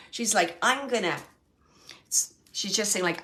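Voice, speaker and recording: A middle-aged woman giving a mediumship reading, relaying a spirit's message in halting, searching speech full of fillers and repeats, sometimes hushed and sometimes brighter. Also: on the high side. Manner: soft and hushed at times, then brighter and laughing.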